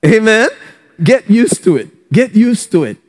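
Slow-talking pastor guy, kinda high voice, big laughs and whoops, echoey hall. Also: sing-song. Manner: exuberant preacher, bursts of loud laughter and whoops. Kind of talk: sermon.

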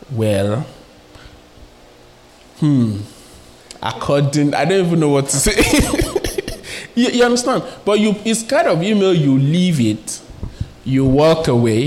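A man delivers a sermon in a chatty, animated way, with a voice pitched a little high. He keeps asking his listeners questions and slips into quoted voices to act out everyday scenes. A faint hum of room ambience sits behind him. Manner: lively, conversational, asks the audience questions. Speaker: preacher.

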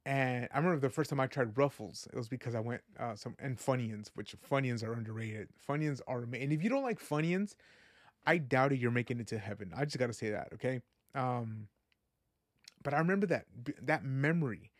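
Speaking in an animated, medium-pitched voice a little on the fast side, a man delivers a casual personal podcast monologue. He's earnest and reflective with a faith-minded outlook, rambling with plenty of "you know" and "like." The recording is dry and studio quality.

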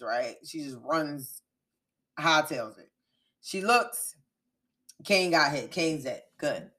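This is a woman hosting her own podcast, walking through a TV episode in relaxed, unscripted chat. Her voice sits somewhat low. She talks with a lot of energy, swears freely and punches the key beats as she tells the story. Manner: animated, profane, emphatic storytelling. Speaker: podcast host. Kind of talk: casual TV recap chat.

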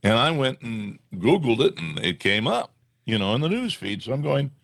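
A man co-hosting a casual political talk show, animated, with mocking asides. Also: mid-range voice, normal speed, no room sound. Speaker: podcast co-host.

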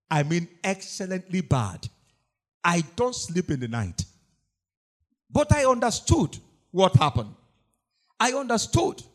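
A man preaching a sermon, repeating lines and laughing often as he tells his stories. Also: mid-range voice. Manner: animated preaching with frequent laughter and repetition.

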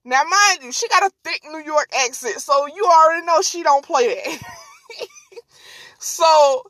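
High-voiced woman hosting a chatty show, lively and slangy, dry close sound. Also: a little slow, no echo. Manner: animated, slangy, laughs often. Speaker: podcast host. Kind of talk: casual storytelling chat.

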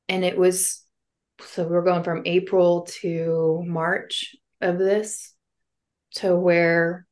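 A woman, a guest on an interview show, sharing a personal faith testimony in an earnest, heartfelt way with casual fillers. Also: lowish voice.

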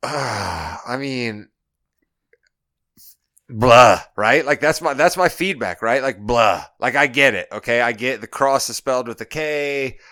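A man's voice: medium pitch, pushed and bright, clear, resonant tone, no echo, clean studio sound. A man co-hosting a casual podcast, bantering in a wry, dismissive way with laughs. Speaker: podcast co-host. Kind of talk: casual chat.

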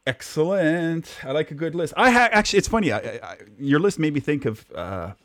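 A man co-hosting a podcast, telling animated anecdotes from his working life with many restarts. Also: fairly high pitch, a little fast, no room sound. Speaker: podcast co-host. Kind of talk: casual chat.

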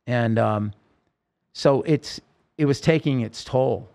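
A man, a podcast guest, telling a personal story in a halting, emotional way with many restarts. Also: mid-range voice, vocal fry, a little mellow.

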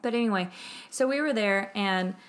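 A woman's voice: medium pitch, normal speed. Chatty woman co-host, casual storyteller, easy mid-range voice, laughs through the punchlines. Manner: chatty, animated, laughs through the funny parts. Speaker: podcast co-host and English teacher.

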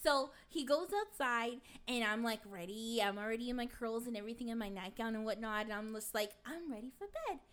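A woman's voice: on the high side, brisk, hardly any pauses, a bit bright, clean tone, close to an everyday voice. A woman playing a brash, crude middle-aged gossip in a comic sketch, rambling through a story with plenty of swearing. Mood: brash, gossipy. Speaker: guest.

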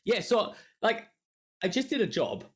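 A man, co-hosting a podcast and telling a story in animated, swearing, casual chat. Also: high-pitched, a little slow, slightly rough. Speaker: podcast co-host.

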